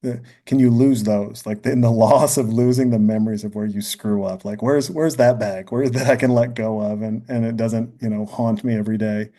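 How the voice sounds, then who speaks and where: Deep, mellow-voiced man reflecting earnestly. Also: fairly even intonation, normal speed, few pauses. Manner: earnest, thinks aloud, often adds "you know" and "right?". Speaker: podcast guest. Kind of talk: reflective podcast conversation.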